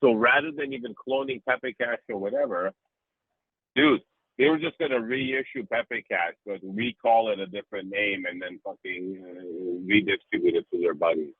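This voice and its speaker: Casual interview guest: husky, animated man, dry tinny phone-like sound. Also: sits low, normal speed, dry recording. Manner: animated, profane, rambling.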